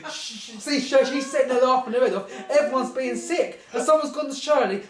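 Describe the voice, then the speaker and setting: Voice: sits high, fairly quick, few pauses. A speaker telling a rambling comic anecdote, giggling through it and often saying "anyway". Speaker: storyteller. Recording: echoey room.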